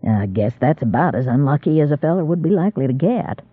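Man putting on an older squire, drawl, gruff, dry, deep, lively pitch. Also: quick pace, no room sound, narrow, tinny audio.

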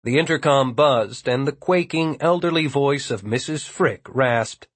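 A man reading a novel aloud as an audiobook narrator, in an even, measured manner. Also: medium pitch, no room sound. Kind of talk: scripted narration.

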